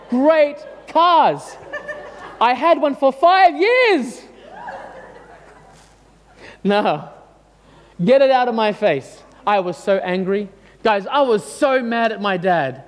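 Animated storyteller in his forties; bright high voice in a reverberant hall. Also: slow pace, pauses often. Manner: animated, self-mocking, many fillers. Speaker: speaker addressing an audience. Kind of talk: storytelling talk.

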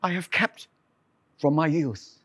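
A man's voice: a little high, slow pace, a bit bright, voice pushed down. A man voicing a confident rich young man who earnestly shows off his goodness, in a sermon story. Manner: earnest, showing off.

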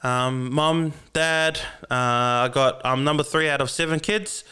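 A man's voice: a little high, fairly even intonation, a little slow, pushed and bright, smooth. A man in his twenties with an Australian accent, hosting a casual podcast in a laid-back, joking way, full of ums and the odd swear word. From Melbourne, Australia. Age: 20s. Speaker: podcast host. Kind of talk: casual chat. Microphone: podcast microphone through a mixing console.

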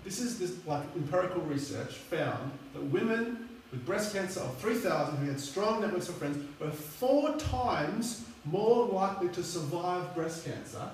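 A man delivering a sermon in a loose, conversational way, full of asides and fillers. His slightly high voice comes from far off the mic and booms around a reverberant hall. A faint steady hum sits underneath. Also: a little slow, hardly any pauses. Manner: chatty, rambling, many fillers. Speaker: preacher. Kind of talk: sermon storytelling.

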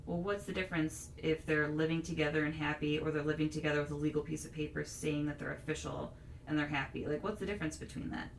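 This low-voiced podcast host talks fast with a level tone and vocal fry, airing her opinions casually and leaning on plenty of "you know"s as she thinks aloud. Her audio has room echo, a distant mic, and faint hiss.

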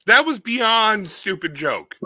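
A man co-hosting a casual podcast chat, sarcastic and animated, swearing freely. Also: sits high, takes it slowly, low-quality recording. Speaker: podcast co-host.

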